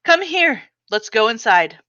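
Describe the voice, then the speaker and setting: A woman's voice: fairly high pitch, sing-song, measured pace, sharp tone, no echo, heavily acted. Woman reading as a stern, clipped father. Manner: clipped, demanding. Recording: slightly dull, muffled recording.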